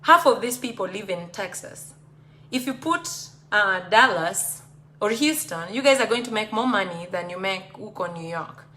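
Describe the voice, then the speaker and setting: Kenyan woman chatting on a live stream, bright voice, reads out viewer comments. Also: mid-range voice, animated, normal speed. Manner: chatty, reads out viewer comments and mixes Swahili phrases into English. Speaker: live video host. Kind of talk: casual live-stream chat.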